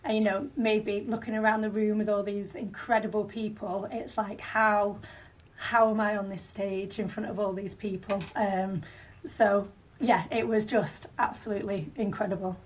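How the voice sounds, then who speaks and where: A woman's voice: mid-range voice, little pitch movement, normal speed, distant mic. A woman in her thirties with a Northern English accent, a franchisee telling her story in a podcast interview, chatty with fillers and restarts. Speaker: franchisee guest.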